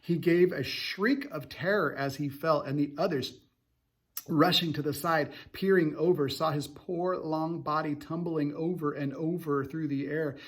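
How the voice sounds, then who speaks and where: A young adult male teacher reading a novel aloud to students, stopping for casual, halting explanations. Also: a little high, fairly even intonation, slightly rough.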